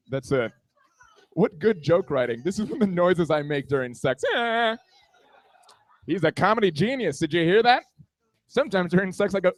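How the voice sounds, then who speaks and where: A young man in his twenties does a stand-up set in a small bar, mocking himself and the room around him. His voice sits high for a man. The sound is dry and close, with little room echo. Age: 20s.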